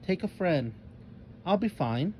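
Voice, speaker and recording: A man voicing a caring monkey mother who speaks softly and reassuringly. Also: high-pitched, lively intonation, takes it slowly, slight background noise, pitched above the performer's own voice. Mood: gentle. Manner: soft, reassuring.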